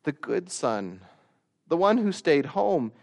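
A man preaching a sermon, slow and deliberate, rising to loud emphatic peaks and dropping to quiet asides. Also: on the high side, sing-song, gravelly. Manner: slow, deliberate delivery with long pauses.

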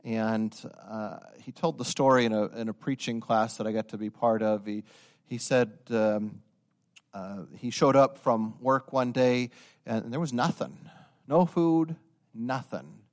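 A young man preaching a sermon, telling stories and building to loud, emphatic insistence. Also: medium pitch, steady tone, unhurried. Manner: storytelling, swelling to emphatic raised-voice insistence.

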